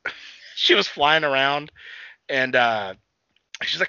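A young man co-hosting a casual podcast, swearing freely and rambling through a recap while acting out characters in quick voices. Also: medium pitch, animated, sharp tone, clear, resonant tone, dry recording. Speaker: podcast co-host. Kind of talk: casual profane chat recapping a TV episode. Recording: dull lo-fi sound.

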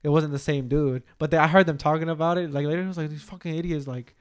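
A man's voice: on the high side, steady tone, rapid-fire, clean tone. A young man, co-hosting a podcast and telling a story in a loose, profane, slangy way. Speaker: podcast co-host. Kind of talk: casual chat, storytelling.

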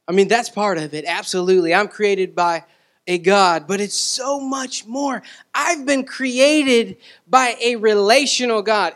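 A man's voice: high voice, fairly bright tone. A man preaching a sermon as pastor, in a conversational way, repeating words and asking the congregation questions.

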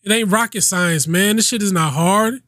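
A man's voice: high-pitched, normal speed, sharp tone, dry recording, studio quality. A man hosting his own podcast, ranting in a casual, emphatic way, repeating himself and swearing freely. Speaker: podcast host. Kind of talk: casual solo rant.

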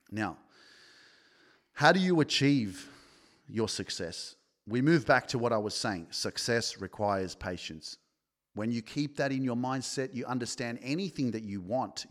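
A man's voice: medium pitch, fairly bright tone. A man hosting a self-help podcast, talking straight to listeners in a pushy, repetitive way and swearing often. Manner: swearing, pushy, repeats himself, quotes people in his own voice. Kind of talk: motivational podcast monologue, live-streamed.

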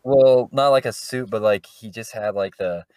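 A man's voice: lowish voice, moderate pace, darkish tone, clean tone, dry recording. A man co-hosting a podcast, telling a rambling story in casual chat, full of fillers. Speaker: podcast co-host. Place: podcast studio.

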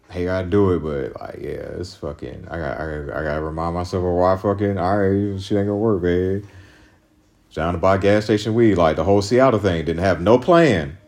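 A man's voice: low-pitched, normal speed, a little mellow, soft background music. A man hosting a podcast alone, venting in a profane, rambling, agitated monologue about a breakup. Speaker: podcast host.

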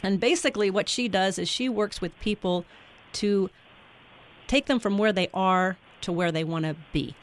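A woman hosting an interview, enthusiastic and repeating her phrases as she asks quick follow-up questions. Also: medium pitch. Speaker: podcast host.

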